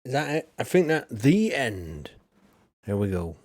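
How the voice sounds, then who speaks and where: A man's voice: medium pitch, sing-song, measured pace, a little mellow, no echo. A young adult man hosting a live stream, chatting casually and chuckling as he thinks aloud while picking viewer messages. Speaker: streamer reading out viewer donations.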